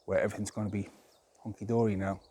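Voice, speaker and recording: A man's voice: on the low side, flat delivery, very fast, warm tone, a little hiss or hum. A man talking to camera outdoors in a rambling, plain-spoken, exasperated monologue of his opinions. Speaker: vlogger.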